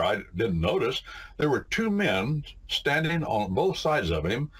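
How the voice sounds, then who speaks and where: A man's voice: medium pitch, big pitch swings, unhurried, fairly bright tone, husky. A man teaching civics in an informal lecture, emphatic and folksy, often saying "my friends" and repeating "no, no, no" for stress. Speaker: lawyer teaching a civics catechism.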